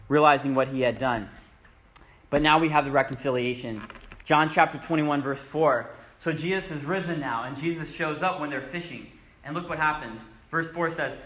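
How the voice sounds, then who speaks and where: A preacher with a bright, somewhat high voice reads scripture aloud and explains it in a conversational teaching style during his sermon, recorded in an echoey room.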